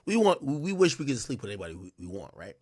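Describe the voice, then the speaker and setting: A man hosting a live stream, reading out donations in loose, profane, casual chat with loud excited bursts. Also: mid-range voice, fast, dry recording, studio quality.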